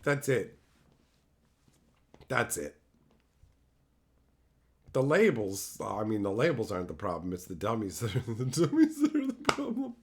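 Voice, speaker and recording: A man on a live stream jokes crudely and profanely, playing off his viewers' chat messages in casual conversation. His fairly low voice swings hugely in pitch, runs a little fast, and barely pauses, over a faint hiss or hum.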